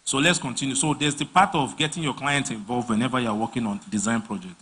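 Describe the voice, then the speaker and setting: A husky-voiced man teaches design in a loose, live-class way. He jumps into stories and acts out the people in them with lively swings of pitch. His pitch sits at an ordinary middle height for a man. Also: fast. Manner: animated storyteller, voices clients and bosses mid-story. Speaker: design trainer. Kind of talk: casual live training talk with acted-out anecdotes.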